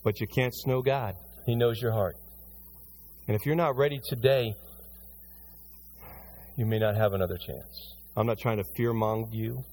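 A middle-aged man preaching a sermon to his congregation as pastor, emphatic, swinging from loud rising bursts to hushed pleading, then leading a prayer. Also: fairly low pitch, steady tone, normal speed, long pauses, slight background noise. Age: middle-aged or older. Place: church sanctuary before a congregation.

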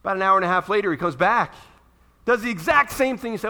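Bright, high-voiced animated male pastor. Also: fast talker. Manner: animated, acts out pleading voices. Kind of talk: sermon.

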